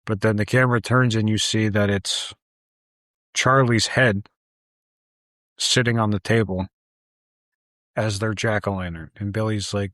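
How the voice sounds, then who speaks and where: Low-voiced man recapping a film. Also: normal speed, pauses often, no echo. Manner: animated retelling with acted-out quotes. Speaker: podcast co-host. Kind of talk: casual film recap chat.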